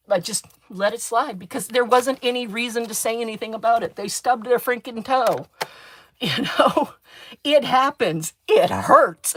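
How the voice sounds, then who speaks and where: A woman's voice: a little high, slightly rough, poor audio. Chatty, dry-witted middle-aged woman. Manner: dry sarcastic storytelling, chatty and talkative. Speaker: craft channel host, former chemistry teacher. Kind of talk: chatty crafting livestream.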